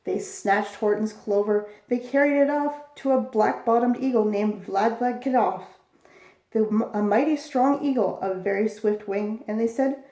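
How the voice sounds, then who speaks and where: A woman reading a rhyming picture book aloud as a bedtime storyteller, with a steady rhythmic cadence. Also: medium pitch, moderate pace. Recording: echoey room.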